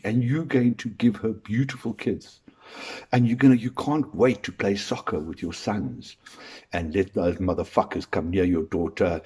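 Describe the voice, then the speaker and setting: A man's voice: on the low side, a little mellow, slightly rough. A male comedian delivering a rambling, crude stand-up monologue full of rhetorical questions.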